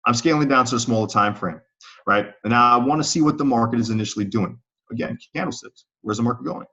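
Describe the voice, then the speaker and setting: A man's voice: on the low side, a bit bright. Man teaching trading on a muffled call. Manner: conversational, checks in with the audience. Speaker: trading instructor. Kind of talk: live online trading webinar. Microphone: online call audio. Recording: slightly muffled call audio.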